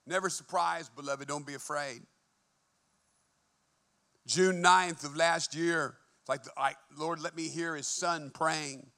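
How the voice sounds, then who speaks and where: Male preacher, fervent sermon delivery, bright and tense tone, hushed-to-emphatic swings. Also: a little high, steady tone, slow pace. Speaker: pastor. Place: church.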